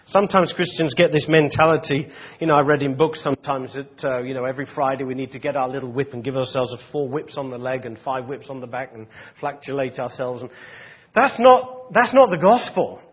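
Husky high-voiced male preacher. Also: muffled recording. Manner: conversational preaching with many restarts and "you know". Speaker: pastor. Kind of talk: sermon.

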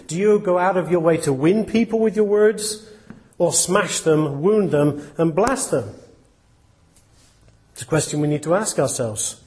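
Man, preaching a sermon, earnest, plain-spoken, rhetorical questions, slightly high voice. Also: darkish tone. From England.

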